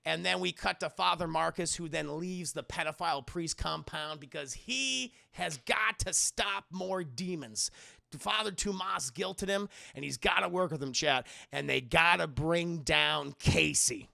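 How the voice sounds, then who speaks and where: A man recapping a TV episode on a live stream, telling it in an animated, profane, laughing way. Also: fairly high pitch, unhurried, creaky. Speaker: TV review streamer.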